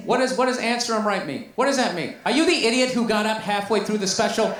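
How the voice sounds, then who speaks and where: A man's voice: sits high, animated, fast talker, a bit bright. A male stand-up comedian performing a routine, telling exasperated, profane stories and acting out the people in them. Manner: profane, exasperated storytelling with mock-quoted voices. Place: stand-up special played back in a room. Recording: roomy, distant, noisy playback.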